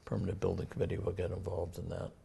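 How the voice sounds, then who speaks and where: An older man with a Massachusetts accent, a town administrator talking in a casual local TV interview, halting with many fillers and restarts. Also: deep voice, monotone, creaky, dark tone, a little hiss or hum.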